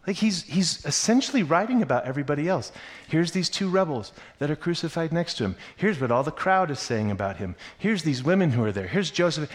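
A man preaching a sermon, reading scripture aloud and stopping to explain it in a casual, conversational way, growing animated as he poses questions. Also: a little high. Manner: animated when voicing questions. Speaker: pastor.

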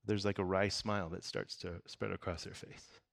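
A man with a fairly low voice delivers a relaxed, conversational sermon. He reads scripture and then riffs on it with jokes and frequent laughter. His volume swings from near-hushed to loud, emphatic moments. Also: moderate pace, creaky. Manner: conversational and joking, breaks into laughter. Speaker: pastor. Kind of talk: casual sermon with Bible reading.

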